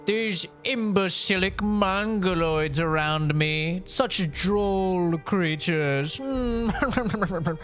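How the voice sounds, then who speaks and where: A man putting on a pompous high snobbish scientist. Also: fairly bright tone, faint music behind, heavily acted. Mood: snooty. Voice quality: slow drawling, haughty.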